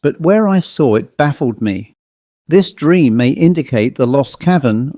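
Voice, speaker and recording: A man from England reading his own ghost story in a measured, reflective audiobook narration. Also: mid-range voice, dark tone, no room sound, studio quality. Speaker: author and narrator.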